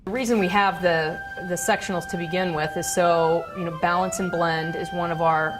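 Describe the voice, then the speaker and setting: A woman teaching a school band, giving brisk directions and counting off. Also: on the low side, fairly even intonation, over music. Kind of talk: classroom instruction.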